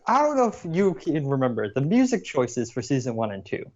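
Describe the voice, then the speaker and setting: A man's voice: mid-range voice, a little fast, lo-fi sound. A young man co-hosting a casual podcast chat, rambling and swearing as he tells his opinions. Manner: rambling, profane, animated storytelling. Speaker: podcast co-host.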